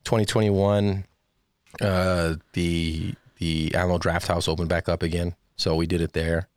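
A very deep-voiced man in a casual interview, spinning animated stories and acting out every character he quotes. The sound is dry and close, with no room around it. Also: measured pace, smooth, no echo. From Texas. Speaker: stand-up comedian.

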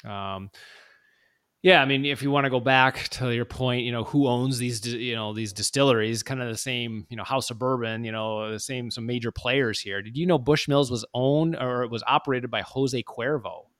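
A man in casual podcast chat who rambles, restarts and jokes around. His voice is smooth and clear, recorded close in a dry, dead space. He sits at a middling pitch. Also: fairly even intonation, normal speed, a bit bright, no echo. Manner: rambling, self-correcting, jokey. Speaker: podcast co-host.

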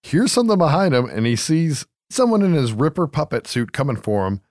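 A man's voice: a little high, sing-song, brisk, a little mellow, no room sound, clean studio sound. Man recapping a movie, swearing casually. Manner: loose, swears often, laughs easily. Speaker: podcast co-host.

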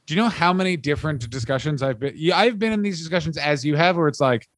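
A man's voice: fairly high pitch, animated, fast, fairly bright tone, dry recording. A man from Canada co-hosting a podcast, riffing profanely in casual comedic chat and acting out the people he describes. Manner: riffing, profane, mock-acts quoted people. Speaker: podcast co-host.

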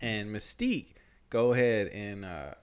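A young man telling a story in casual chat, slangy, swearing a lot and animated. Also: fairly low pitch, a little slow, slight background noise.

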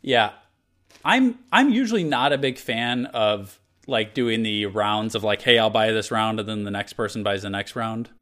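A man's voice: fairly low pitch, lively intonation, moderate pace, a bit bright. A man hosting a casual podcast chat. He talks in an easygoing way and rambles with false starts. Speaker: podcast host.

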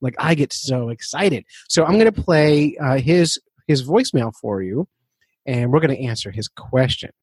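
A man hosting a podcast, chatting casually, laughing often and telling stories with animated energy. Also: medium pitch, normal speed, slightly rough, no room sound. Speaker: podcast host.

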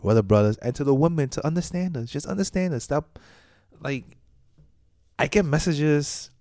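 A man's voice: a little high, moderate pace, warm tone, no echo, clean studio sound. A young adult man co-hosting a podcast in casual chat, ranting emphatically and cursing. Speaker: podcast co-host.

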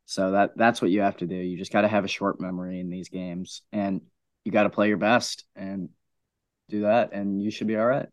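Young male podcast co-host, low voice, matter-of-fact, dry recording. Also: little pitch movement, moderate pace, no room sound. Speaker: co-host of a high school sports podcast. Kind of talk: casual sports chat.

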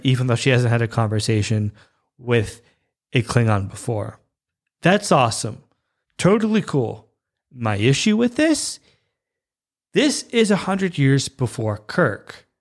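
A man giving casual fan commentary, ranting passionately and with exasperation. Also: mid-range voice.

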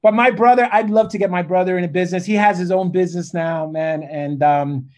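A man telling stories in a casual podcast chat, animated and fond of saying "literally" and "right?". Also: high voice, fairly quick. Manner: animated storyteller, says "literally" and "right?" often. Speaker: podcast guest.

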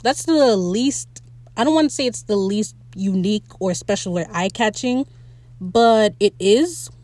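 A young woman hosting a casual solo podcast, chatty and excitable as she recaps a show. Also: mid-range voice, measured pace, no echo. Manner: chatty, excitable, quotes characters in playful voices. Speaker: podcast host.

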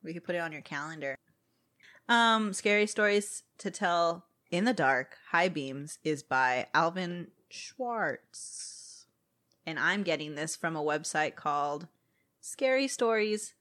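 Young woman, pretty low voice, laid back, lots of ums, reading a spooky story to friends. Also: slow pace. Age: young adult. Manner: relaxed, hesitant with frequent ums. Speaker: podcast co-host reading a story. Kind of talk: casual chat and story reading.

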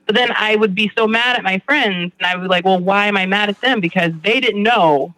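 Bright-voiced man talking candidly. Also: high-pitched, fast talker, hardly any pauses, rough recording. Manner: rambling, candid, swears. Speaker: guest in recovery. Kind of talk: candid conversation.

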